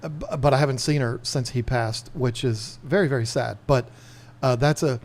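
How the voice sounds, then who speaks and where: A podcast host from Northern Virginia chats casually on a livestream, an animated storyteller who laughs often and slips into voices. His voice is mid-range and moderately paced.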